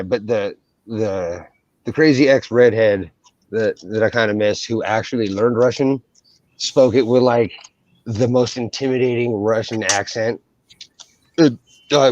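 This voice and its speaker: A man's voice: medium pitch, a little mellow, no echo, dull audio. A young man co-hosting a casual coin chat, brash and profane, joking loosely. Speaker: coin channel co-host.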